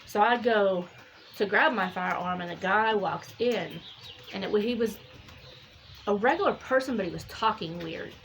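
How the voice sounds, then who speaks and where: A woman's voice: medium pitch, normal speed, low-quality recording. Woman, casual storyteller, rambling delivery with reported speech, faint hiss behind. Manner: rambling, animated, full of fillers and reported speech. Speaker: storyteller recounting a dream.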